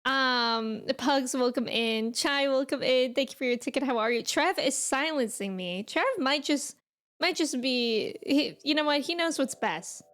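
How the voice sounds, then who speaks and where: A woman's voice: sits high, a little slow, a bit bright. A young woman from New England, a streamer casually chatting and reminiscing while reading and answering her live chat.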